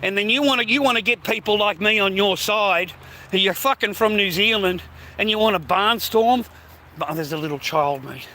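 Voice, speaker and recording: A man with an Australian accent rants on a live stream in a high, sharp, forceful voice. He rambles and swears constantly, with scornful laughter between his points. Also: fairly quick, slight background noise. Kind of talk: casual live-stream rant.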